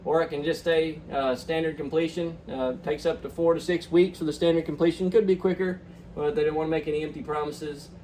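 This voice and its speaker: A man's voice: a little high, fairly even intonation, fairly quick, warm tone, far from the mic, slight background noise, low-quality recording. A young man hosting a fishing channel, chatting upbeat through a walkthrough with lots of ums and uhs. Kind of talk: casual screen walkthrough.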